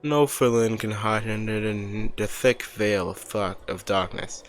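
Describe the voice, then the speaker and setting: A man's voice: fairly low pitch, a little slow, faint music behind, lightly acted. A man voicing a vain, showy male superhero who speaks in grand, self-satisfied lines. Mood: smug, showy.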